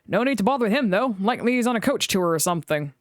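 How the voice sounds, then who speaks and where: A woman's voice: medium pitch, lively intonation, very fast, dry recording, clean studio sound, natural voice. A woman voicing a chatty, cheerful male fireman with a sing-song manner.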